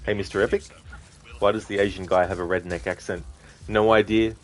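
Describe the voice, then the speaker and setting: A man live-streaming a video game, chatting casually with viewers, relaxed and chuckling as he greets them. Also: sits low, fast.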